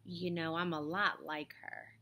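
A woman's voice: sits low, flat delivery, measured pace, sharp tone, exaggerated voice. A woman voicing a curious, adventurous young girl doll in a storybook reading, with an eager, confiding manner. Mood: wistful.

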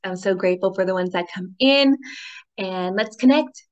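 A woman's voice: medium pitch, moderate pace, dull audio. A woman hosting a spiritual healing talk, speaking casually and affectionately to her listeners, laughing often and squealing when retelling happy moments. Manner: affectionate sign-offs and encouraging asides. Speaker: spiritual healing podcast host.

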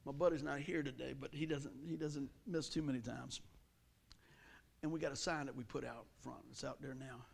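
A middle-aged man preaching a sermon in a folksy, animated way, his pitch and volume jumping often. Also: normal speed, creaky, husky. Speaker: pastor.

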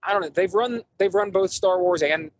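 A man's voice: sits high, moderate pace, muffled recording, a little hiss or hum. A man hosting a casual podcast movie review, rambling enthusiastically with lots of fillers and restarts. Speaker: podcast host.

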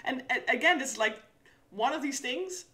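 A woman chatting casually on a live stream, an animated storyteller who swears and laughs often. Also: high voice, normal speed, a crowd in the background. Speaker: author guest.

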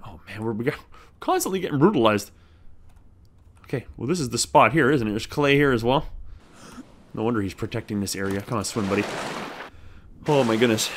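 Young male gamer, lively pitch, chatty self-talk, faint clicking behind. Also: background noise. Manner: animated, talks to himself and the game character. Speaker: gameplay commentator. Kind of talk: let's play commentary.

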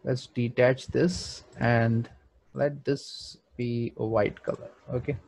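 Guy doing a design tutorial, slow and flat, lots of um and uh, gravelly voice. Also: medium pitch. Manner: slow, thinking aloud with frequent fillers. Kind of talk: screen-recorded software walkthrough.

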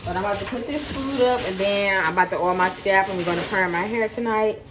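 A woman's voice: mid-range voice, fast. A woman vlogging at home in her kitchen, chatting casually to her viewers and repeating points for emphasis. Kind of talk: casual chat to camera. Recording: noisy home recording.

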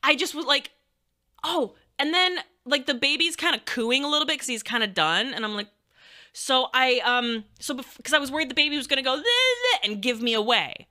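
Young woman, high bright voice, animated storyteller, crude and self-mocking, chatting to viewers. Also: brisk. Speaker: streamer telling a story. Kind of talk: casual storytelling to chat.

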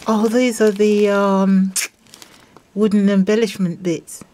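A woman showing off craft mail from friends, gushing and excitable, with gasps and breathy whispered exclamations. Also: medium pitch, slow, slight background noise. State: unwell. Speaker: craft vlogger opening mail from viewers. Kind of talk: casual unboxing vlog.

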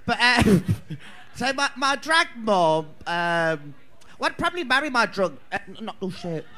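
A man in his thirties from England with a Midlands accent, a drag queen, answers audience questions at a live viewing party. His high voice is sing-song, unhurried, pushed and bright, and he rambles bawdily while laughing often.

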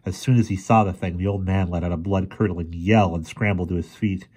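A man reading a novel chapter aloud in a steady, measured way. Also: low-pitched, slightly rough. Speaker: storyteller.

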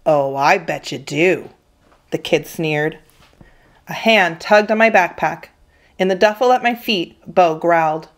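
A woman teacher reading a children's novel aloud with steady, expressive storytelling. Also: fairly low pitch. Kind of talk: children's book read-aloud.

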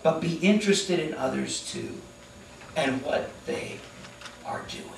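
High-voiced man preaching a sermon. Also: gravelly, echoey room, distant mic, slight background noise, poor audio. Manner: animated, acts out characters in quick asides. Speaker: pastor. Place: church sanctuary.

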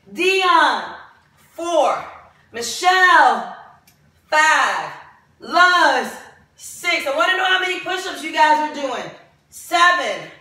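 A high-voiced woman runs a home workout class, counting reps and urging everyone on while she exercises and gets winded. She speaks slowly and brightly. The sound is very echoey, and she is some way from the mic. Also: far from the mic. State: out of breath during exercises. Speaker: fitness instructor. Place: home room with dogs.

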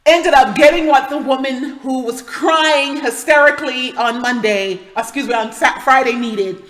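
Woman host, fairly high voice, animated testimony storyteller, corrects herself mid-sentence. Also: big-room sound, low-quality recording. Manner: animated, breathless retelling with quick self-corrections. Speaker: channel host.

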